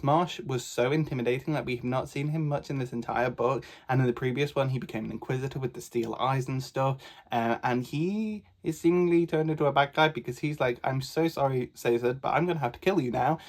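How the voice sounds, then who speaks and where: Guy chatting about a book he loves, gets super excited and rambles, mid pitch. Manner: gushing, excitable, rambling with fillers. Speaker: book reviewer. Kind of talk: casual book review chat.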